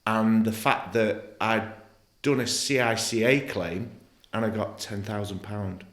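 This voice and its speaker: A man's voice: fairly low pitch, steady tone, a little slow, fairly bright tone, roomy sound. A middle-aged man from England, a podcast guest telling his personal story bluntly and emotionally, swearing freely. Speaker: podcast guest, former footballer. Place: podcast studio.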